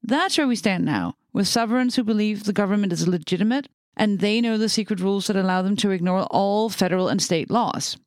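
A podcast co-host reads her recap in a blunt, wry voice, dropping insults as she goes. Her pitch sits in the middle, and the sound is close and dry. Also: a little fast, few pauses, no room sound. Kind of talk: scripted podcast narration.

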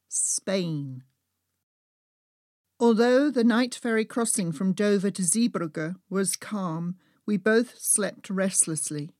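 Woman reading her memoir, steady measured pace, dry close mic. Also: medium pitch, no room sound. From England. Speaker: author and narrator.

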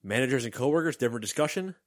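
A deep-voiced man co-hosting a casual podcast, telling stories animatedly, acting out quotes and laughing often. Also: lively intonation, rapid-fire. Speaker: podcast co-host.

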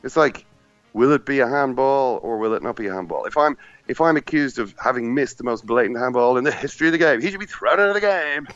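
A man on a football podcast, chatting casually and acting out players and the referee in quick asides. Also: medium pitch, fairly bright tone, no room sound, dull audio, faint music behind. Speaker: football pundit at the final.

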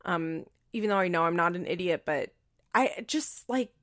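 Speaking at a normal speed in a lowish voice, a woman gives a casual, opinionated rundown of a reality TV show. Her talk is chatty, packed with "like," and sprinkled with the odd swear word.

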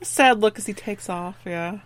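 A woman's voice: mid-range voice, unhurried, heavy background noise. A woman co-host chatting casually, adding brief reactions and comments. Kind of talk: casual chat.

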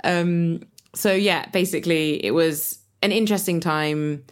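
A woman's voice: lowish voice, unhurried, clear, resonant tone. A woman co-hosting a podcast, chatting casually and frankly, with plenty of "like" and "um" fillers and the odd swear word. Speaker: podcast co-host and climate activist. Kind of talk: casual chat.

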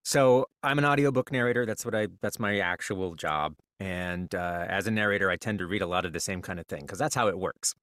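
Deep-voiced male author guest, laid-back and wry, dry close sound. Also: fairly quick, hardly any pauses, no room sound. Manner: relaxed, self-deprecating, joking. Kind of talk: casual interview chat.

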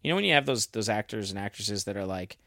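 Male podcast co-host with a lowish voice, offhand and profane, dry close recording. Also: expressive, fast, gravelly, bright, forceful tone, dry recording. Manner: swears casually, offhand. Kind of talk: casual chat.

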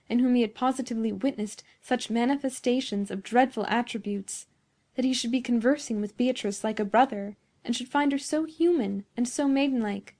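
A woman narrating a classic story in a measured, expressive reading. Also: on the high side. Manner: measured, expressive reading of old-fashioned prose. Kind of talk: scripted narration.

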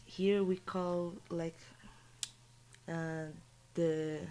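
Slow, hesitant Brazilian woman. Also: on the low side, little pitch movement, dark tone, clear, resonant tone. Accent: Brazilian Portuguese. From northern Brazil. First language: Brazilian Portuguese. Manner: hesitant, searching for words, laughs often. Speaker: guest. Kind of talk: casual conversation in English as a learner.

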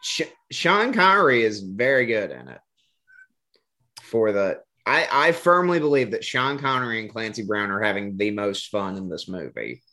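A man co-hosting a casual movie podcast, joking and animated. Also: fairly low pitch, normal speed. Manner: jokey, animated, does silly voices. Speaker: podcast co-host.

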